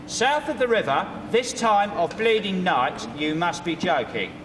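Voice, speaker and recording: A man's voice: high voice, animated, a little slow, roomy sound, in a large hall, background noise. A man talking in a chatty, matey way as a film director. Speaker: comic performer.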